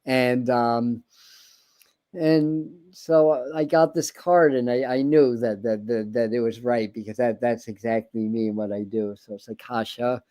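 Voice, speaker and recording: A man's voice: mid-range voice, steady tone, measured pace, dark tone. A man hosting a tarot livestream in casual chat, rambling with many restarts and repeated words. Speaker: tarot reader and livestream host.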